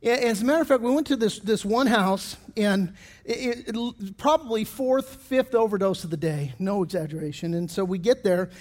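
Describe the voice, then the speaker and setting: A man's voice: sits high, moderate pace, darkish tone, big-room sound. A middle-aged man preaching a sermon as pastor, telling stories with many restarts and fillers.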